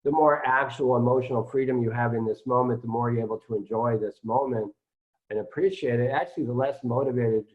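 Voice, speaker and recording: A man's voice: mid-range voice, brisk, narrow, tinny audio. A man who is a spiritual teacher, talking in a musing, hesitant way with many fillers during a casual satsang.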